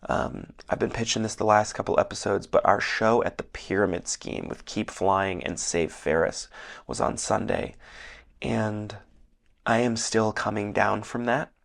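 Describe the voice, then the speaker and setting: Young male podcast host, hoarse, low and heavily gravelly, earnest rambler. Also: fairly even intonation, unhurried. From Northern Michigan. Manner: rambling, filler-heavy, earnest. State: losing his voice, slightly hoarse. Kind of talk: casual solo podcast monologue. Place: hotel room.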